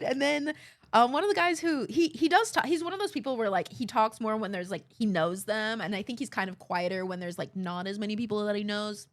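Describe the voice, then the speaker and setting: A young woman streamer chatting casually, telling an animated story, quoting others and laughing often. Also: sits high.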